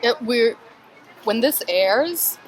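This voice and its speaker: A woman's voice: on the high side, lively intonation, slow pace, faint music behind, rough recording. A woman vlogging in a casual, chatty way at an outdoor flea market, talking to the camera she holds and laughing easily. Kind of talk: casual chat.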